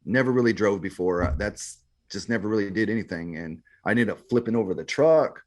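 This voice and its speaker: A man's voice: lowish voice, brisk, darkish tone. A man guest on a podcast, telling his story in a laid-back, slangy way, often saying "man" and "bro". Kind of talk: casual storytelling.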